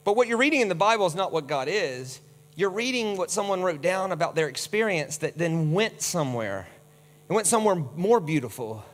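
A man preaching a sermon with slides, animated, who acts out the voices he quotes with big swings. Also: high voice, a little fast. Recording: long hall reverb.

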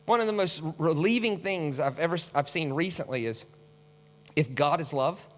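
Animated male preacher in a reverberant hall. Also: fairly high pitch, moderate pace. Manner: animated, acts out quoted voices with big swings. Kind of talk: sermon with slides.

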